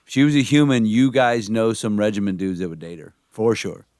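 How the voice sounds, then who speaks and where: A man's voice: lowish voice, fairly even intonation, a little fast, a little mellow, clear, resonant tone, no echo. A man in a casual chat, summing things up with a dry joking manner.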